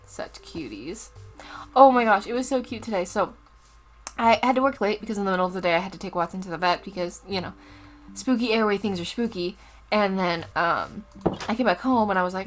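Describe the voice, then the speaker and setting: A woman's voice: medium pitch, animated, a little fast. Chatty woman narrating a cozy game. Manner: chatty, easily distracted, loud startled outbursts. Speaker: Let's Play host. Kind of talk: casual gameplay commentary.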